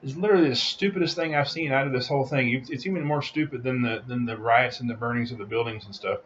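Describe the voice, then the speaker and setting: A man's voice: mid-range voice, quick pace, a bit bright, lo-fi sound, slight background noise. A man delivering a heated, repetitive opinion rant as a vlogger.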